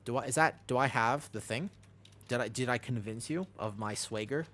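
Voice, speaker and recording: A man's voice: medium pitch, moderate pace, a bit bright. A young man streaming a game, chatting in a rambling, self-deprecating way between game calls. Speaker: streamer playing a tank. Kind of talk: casual chat while gaming.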